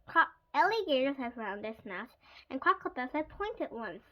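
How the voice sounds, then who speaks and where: A woman's voice: high voice, very animated, moderate pace, highs cut off. A woman reading aloud, voicing a confident little boy presenting eagerly to his class. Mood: proud. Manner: eager, show-and-tell presenting.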